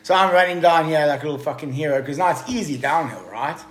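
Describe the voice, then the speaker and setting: A podcast guest with a fairly high-pitched voice talks quickly, telling the host a casual story. Excitable and profane, he swears freely and calls him bro throughout.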